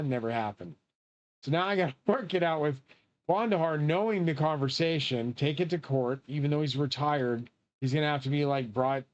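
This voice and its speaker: A man rambling in a profane, excitable way while he plays a game and comments. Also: mid-range voice, lo-fi sound. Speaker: game streamer.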